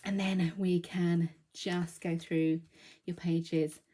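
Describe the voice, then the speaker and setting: A woman's voice: fairly low pitch, flat delivery, takes it slowly, warm tone. A woman, a bit out of breath from being unwell, chatting through a live craft demonstration with a reassuring manner. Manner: chatty, reassuring, thinks aloud with many ums. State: out of breath, recovering from illness.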